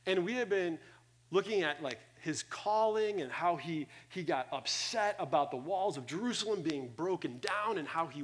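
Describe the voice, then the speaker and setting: A young man preaching a sermon to a live congregation, energetic, acting out quoted thoughts and swinging between loud and soft. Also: high-pitched. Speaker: pastor. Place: church hall with audience.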